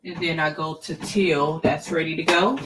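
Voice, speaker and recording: A woman's voice: low-pitched, normal speed, very noisy. Chatty woman livestreaming from her craft room. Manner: chatty, expressive, talks to viewers by name. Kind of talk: casual livestream chat with viewers.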